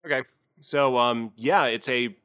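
A man's voice: medium pitch, unhurried, fairly bright tone. A man running a tabletop game as game master, narrating with a rambling, filler-heavy manner.

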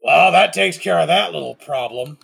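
A man's voice: on the high side, normal speed, creaky, fairly bright tone, slightly rough. A man narrating a tabletop role-playing game as game master, setting scenes dramatically.

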